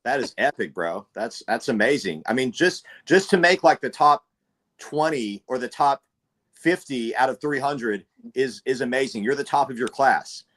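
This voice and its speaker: A man's voice: mid-range voice, expressive, moderate pace, fairly bright tone. A man hosting a casual chat, talking in an upbeat, encouraging way. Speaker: host, actor.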